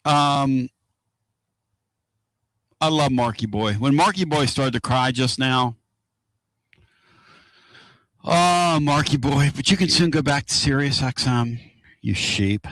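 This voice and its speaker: Excitable rambling male radio host. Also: medium pitch, takes it slowly, pauses often, dry recording. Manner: excitable, rambling and loud-mouthed. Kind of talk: casual radio talk. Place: inside a moving car.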